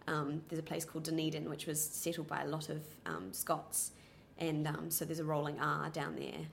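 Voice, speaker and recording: A young woman with a soft, well-spoken New Zealand accent, answering interview questions casually with many ums and restarts. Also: deep voice, flat delivery, moderate pace, gravelly, a little hiss or hum.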